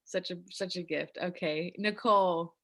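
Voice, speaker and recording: Bright, effusive woman hosting a call. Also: lowish voice, fairly even intonation, normal speed. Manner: effusive, grateful, rambling with restarts. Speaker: breathwork facilitator hosting a live online session. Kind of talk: emotional casual chat with participants. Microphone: video call.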